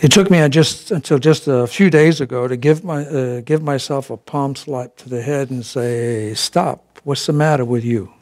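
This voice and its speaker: A man's voice: medium pitch, normal speed, few pauses, a little mellow. A man giving a casual sermon at a spiritual center, folksy and chuckling, with many fillers and restarts. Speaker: spiritual practitioner giving a talk.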